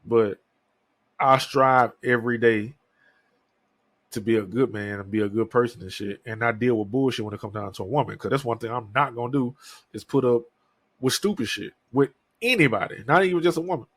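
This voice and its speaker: A man's voice: medium pitch, a little fast, fairly bright tone, dry recording. A man in his thirties hosting a podcast alone, talking candidly in a rambling way and swearing often. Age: 30s. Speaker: podcast host. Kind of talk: casual solo monologue.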